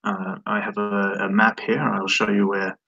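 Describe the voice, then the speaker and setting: A weary war-chief jarl, voiced by the game master, with a deep, heavily gravelly voice and a husky edge. He gives orders in short, halting bursts. The audio is dull and lo-fi. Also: little pitch movement, pushed and bright, heavily acted. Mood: brisk. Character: older male jarl, weary war leader.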